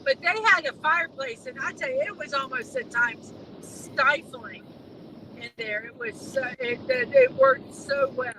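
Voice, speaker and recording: High, lively woman, rambling casual chat, recorded in a car with clear road noise. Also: a little slow, low-quality recording. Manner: chatty, rambling, laughs easily. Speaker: co-host of a live driving stream.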